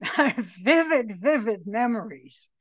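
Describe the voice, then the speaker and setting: A woman in her late seventies giving a personal recovery testimony, reflective and pausing often. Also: on the high side, expressive, no echo, highs cut off. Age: 70s. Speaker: recovery meeting speaker.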